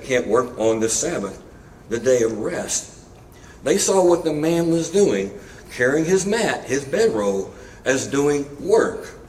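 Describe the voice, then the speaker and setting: Male pastor, sermon, relaxed and conversational, echoey room, mic a bit distant. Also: a little high, a little hiss or hum. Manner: conversational preaching with casual asides and humor.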